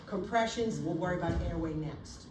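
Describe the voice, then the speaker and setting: A nursing instructor with a fairly low voice and moderate pace gives a classroom lecture, animated and theatrical as she acts out bedside scenes. She's recorded from a distance in an echoey room, with a faint room hum behind her.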